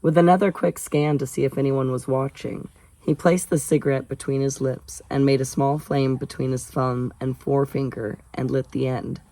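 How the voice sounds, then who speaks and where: Gravelly man casually reading a novel aloud. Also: medium pitch, steady tone, normal speed, dark tone, no echo, low-quality recording. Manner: chatty asides, jokes about own stumbles. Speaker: audiobook reader.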